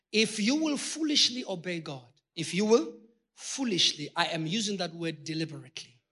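High, bright, husky-voiced preacher man. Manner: impassioned preaching with shouted peaks; addresses the congregation directly. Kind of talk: sermon.

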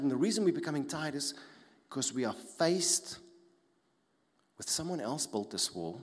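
Pastor preaching in a hall. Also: male voice, on the high side, normal speed, slightly rough. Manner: animated, conversational, with tag questions. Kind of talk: sermon. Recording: long hall reverb.

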